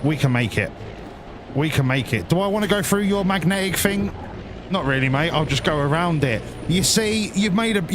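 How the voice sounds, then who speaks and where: A man gives casual, sarcastic commentary while he plays a driving game, and he swears freely. His voice is somewhat high and swings around a lot. A faint background noise sits under the recording. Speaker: streamer.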